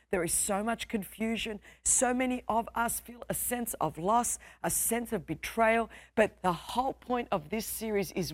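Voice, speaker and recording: A woman's voice: medium pitch, no room sound, clean studio sound. A young adult woman with an Australian accent, preaching a sermon as pastor with a passionate, emphatic, repetitive cadence.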